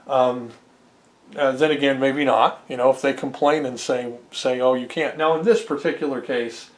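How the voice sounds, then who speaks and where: A man's voice: medium pitch, steady tone, moderate pace. A man giving casual, rambling commentary as a homebrew game developer, with many fillers and restarts.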